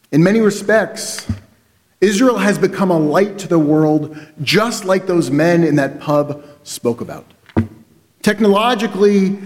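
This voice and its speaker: A man, a rabbi, telling a story in a sermon and bringing its dialogue to life. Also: on the high side. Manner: animated storyteller, acts out quoted dialogue. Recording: reverberant hall sound.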